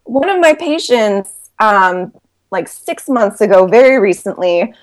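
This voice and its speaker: A woman telling a story on a podcast, animated and laughing often as she goes. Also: mid-range voice, measured pace. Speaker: guest storyteller. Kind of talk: casual podcast chat.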